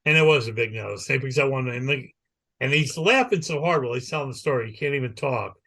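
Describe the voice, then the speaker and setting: A man's voice: mid-range voice, a little fast, gravelly, slightly rough. A man co-hosting a podcast in casual chat, telling a long rambling story and acting out the people in it. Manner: rambling animated storyteller who acts out the people he quotes. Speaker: podcast co-host.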